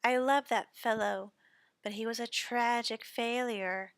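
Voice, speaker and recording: A woman gives voice to a young woman mourning a vanished lover, lingering over her words with rueful emphasis. The reading is slow and set in a dry, close sound. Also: fairly high pitch, fairly even intonation, no room sound. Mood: wistful. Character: grieving young woman, lover of a missing man.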